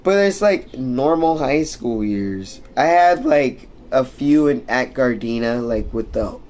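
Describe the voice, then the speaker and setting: A man's voice: medium pitch, slow, darkish tone. A young man ranting and telling stories casually, rambling and swearing a lot with many fillers. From United States. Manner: rambling, profane, full of fillers. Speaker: streamer. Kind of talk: casual storytelling rant.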